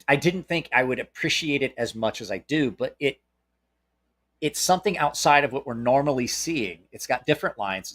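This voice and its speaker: A man's voice: medium pitch, a bit bright. A man with a Southern American accent hosting a casual knife chat, blunt and opinionated, swearing freely, with lots of stops and restarts. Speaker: knife channel host. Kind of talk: casual live-stream chat.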